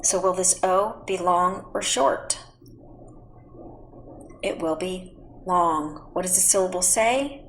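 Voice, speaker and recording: A female reading teacher records a phonics lesson for young children at home. Her voice sits lower than most women's, and she speaks slowly and patiently, spelling out words one letter at a time. A faint hum of room ambience runs underneath. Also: fairly bright tone, rough recording.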